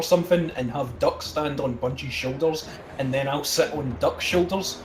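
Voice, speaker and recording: A man's voice: on the high side, normal speed. A man playing a tabletop game, talking brashly and swearing a lot. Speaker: player. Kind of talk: casual tabletop game chat. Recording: roomy echo with music.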